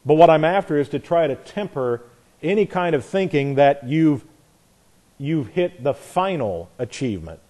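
A man's voice: fairly high pitch, expressive, moderate pace, warm tone. A man teaching a Bible class in an earnest, emphatic way, piling up repeated phrases and often correcting himself mid-sentence. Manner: frequent restarts and self-corrections.

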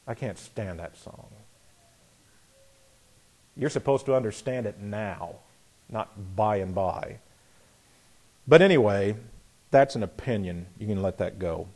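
A man's voice: mid-range voice, a little mellow. A man preaching a sermon in an earnest, emphatic way, asking rhetorical questions and often restarting his phrases.

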